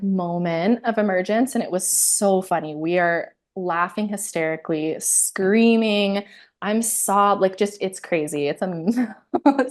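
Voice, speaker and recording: Speaking at a medium pitch, a woman in her thirties recounts her personal story in an interview. She's open and lively, frequently laughing and voicing her inner thoughts aloud.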